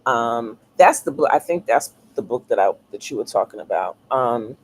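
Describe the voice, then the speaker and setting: A woman author being interviewed, talking thoughtfully with frequent pauses, ums and restarts. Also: very deep voice, lively intonation, a little hiss or hum, low-quality recording. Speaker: author guest. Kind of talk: casual interview talk.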